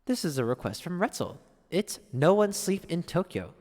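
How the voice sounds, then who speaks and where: A man's voice: on the high side, big pitch swings, moderate pace, darkish tone, long reverb tail. A man streaming at the piano, chatting casually and reading viewers' messages aloud. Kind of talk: casual chat.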